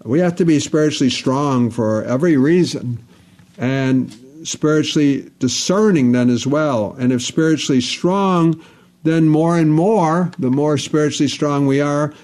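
A man's voice: fairly high pitch, unhurried, a little mellow. A man preaching a sermon, stressing points by restating phrases over and over. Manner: repetitive, emphatic, restates phrases.

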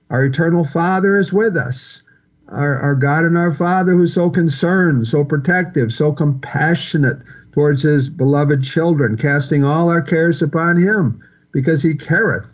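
A man's voice: a little high, a little slow. Earnest preacher man, muffled recording. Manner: repetitive, earnest, with restarts and emphatic repetition. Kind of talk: expository sermon.

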